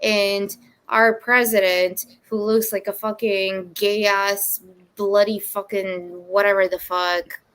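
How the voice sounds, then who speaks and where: A woman with a Russian accent on a casual panel chat, ranting in a heated, halting, profane way. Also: medium pitch, flat delivery, fairly bright tone, clear, resonant tone, rough recording.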